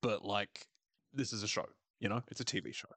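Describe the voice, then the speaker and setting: A man hosting a podcast, recapping a TV episode in casual, animated talk, swearing and laughing often. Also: fairly low pitch, a little fast, breathy edge, no echo. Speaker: podcast host.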